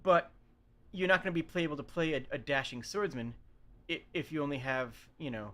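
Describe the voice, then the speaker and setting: A man's voice: fairly high pitch, brisk, fairly bright tone. A man hosting a casual livestream, explaining games in a chatty way, often correcting himself mid-sentence and adding asides. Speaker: streamer host.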